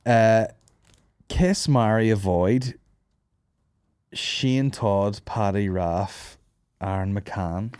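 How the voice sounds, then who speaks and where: A man's voice: on the low side, drawn-out words, long pauses, a little mellow, clear, resonant tone, dry recording. A man hosting a podcast, chatting casually with lots of swearing and joking. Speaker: podcast host. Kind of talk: casual chat.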